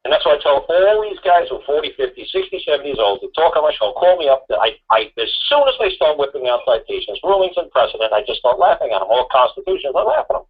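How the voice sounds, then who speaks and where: Fast-talking husky man on talk radio. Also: fairly high pitch, very animated, narrow, tinny audio. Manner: rambling, laughing, acts out quotes. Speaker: talk show host. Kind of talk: casual talk radio rant.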